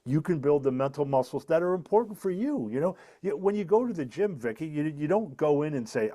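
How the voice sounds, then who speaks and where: A middle-aged author and speaker explains a method on a podcast in a voice that is a little high, animated, mellow, and brisk, with hardly any pauses. He is earnest and emphatic in a teacherly way, repeating his key points for emphasis.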